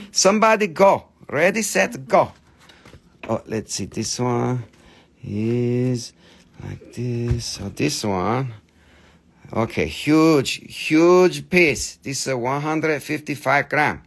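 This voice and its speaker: A man selling crystals on a live stream, rattling off prices and teasing viewers in a playful, joking way that jumps from loud to mumbled. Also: mid-range voice, creaky. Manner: playful, joking, swings between loud teasing and quiet muttering. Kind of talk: live sales stream patter.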